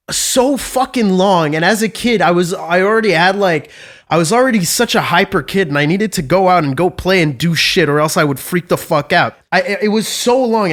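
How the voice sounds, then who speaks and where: Profane, animated man telling stories. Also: sits high. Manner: profane, animated storytelling with frequent swearing. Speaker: podcast co-host. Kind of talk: casual chat.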